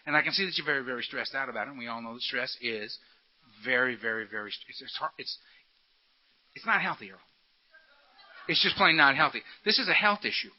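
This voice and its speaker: Low and hushed, this is the voice of addiction as a beast, put on by a man. It speaks in a wheedling, falsely caring murmur that pulls him toward a drink. The recording is dull and lo-fi. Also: natural voice. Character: addiction as a coaxing male beast.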